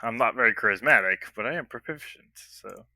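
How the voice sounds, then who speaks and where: Bright-voiced man player in a dry room. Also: mid-range voice, animated, a little fast, vocal fry, dry recording, low-quality recording. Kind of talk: casual tabletop play.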